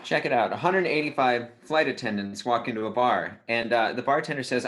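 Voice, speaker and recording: A man performing improv comedy from home over a video call, telling quick joke setups. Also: medium pitch, a bit bright.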